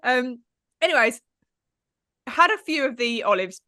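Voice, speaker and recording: Bright, chatty woman. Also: high voice, lively intonation, unhurried, dry recording, clean studio sound. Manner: chatty, self-mocking storyteller who acts out quotes. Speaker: podcast co-host. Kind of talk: casual chat. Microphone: studio microphone, on camera.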